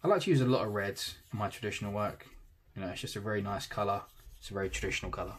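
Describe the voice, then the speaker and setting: A man, casually talking through a digital tattoo drawing in real time, thinking aloud and trailing off softly. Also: lowish voice, racing, slightly rough.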